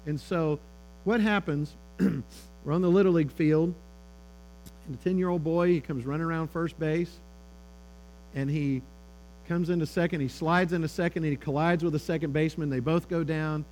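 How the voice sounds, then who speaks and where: A middle-aged man speaking to an audience of parents, animated and talkative, acting out the people in his anecdotes. His voice sits a little high for a man. A faint electrical hum runs under the recording. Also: moderate pace, long pauses, poor audio. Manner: conversational, animated storytelling with quoted dialogue. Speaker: speaker on fatherhood. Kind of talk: sermon-style talk to parents.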